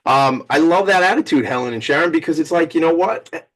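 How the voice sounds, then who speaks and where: A man in his forties with a Long Island accent hosts a casual podcast chat over a video call. He rambles from one story to the next, joking and giving enthusiastic shout-outs along the way. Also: a little high, animated, brisk, rough recording. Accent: Long Island New York. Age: 40s. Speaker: podcast host.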